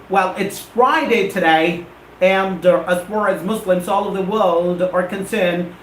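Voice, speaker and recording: A man's voice: sits high, reverberant, a little hiss or hum, poor audio. A man teaching on a live stream, chatting with viewers and drilling pronunciation by repeating words. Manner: repetitive, drilling pronunciation, addresses viewers directly. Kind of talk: live-stream English lesson, reading out viewer comments.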